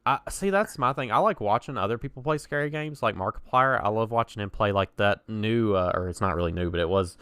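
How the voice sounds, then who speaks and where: Chatty young man with a smooth voice. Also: lowish voice, a little fast, few pauses, fairly bright tone, no room sound. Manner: chatty storyteller, laughs at own stories. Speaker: podcast co-host. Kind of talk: casual podcast chat.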